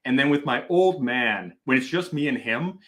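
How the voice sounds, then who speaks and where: Lively, bright-voiced man from Wisconsin. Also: medium pitch, moderate pace. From Wisconsin, Milwaukee area. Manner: animated, chatty, self-deprecating, swears casually. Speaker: whiskey reviewer, livestream host. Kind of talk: casual livestream chat, reading viewer comments.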